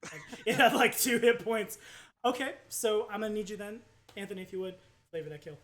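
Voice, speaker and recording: A man running a tabletop game as game master, easygoing and quick to laugh. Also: high voice, a bit bright.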